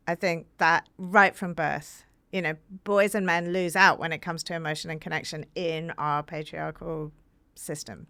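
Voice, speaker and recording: A woman from Britain, an author guest in a podcast interview, talking earnestly with many fillers and animated storytelling. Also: low-pitched, moderate pace, no room sound.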